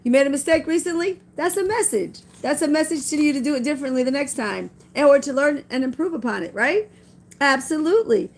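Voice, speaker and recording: A middle-aged woman with a high-pitched voice talks about faith in a casual vlog. She speaks in a folksy, preachy way, and she comes back to the same lines again and again to drive them home. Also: expressive, a little fast. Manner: folksy, preachy, repeats phrases for emphasis. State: tearful at times. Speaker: vlogger. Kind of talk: casual spiritual talk with scripture.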